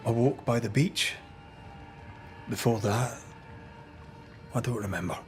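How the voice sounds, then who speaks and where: An actor playing a blunt, dry-witted ghost hunter in a story game. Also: male voice, mid-range voice, slow, faint music behind, lightly acted. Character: gruff male ghost hunter, blunt and wry. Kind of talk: game dialogue.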